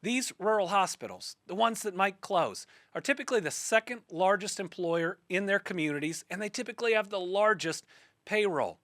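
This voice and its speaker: A man's voice: high-pitched, a bit bright, no echo, clean studio sound. A man with a Kentucky accent hosting a podcast, asking a guest questions and then speaking earnestly and with rising passion on an issue. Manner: fired-up, earnest political speaking. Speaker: podcast host. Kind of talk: interview then spoken commentary.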